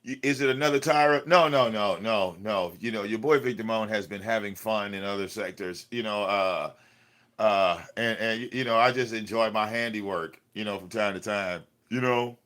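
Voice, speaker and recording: A man with a fairly low voice hosts a livestream from a cluttered room at home. He rants at someone in a confrontational, profane way and often repeats his words. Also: normal speed, fairly bright tone. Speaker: livestream host. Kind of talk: ranting livestream talk.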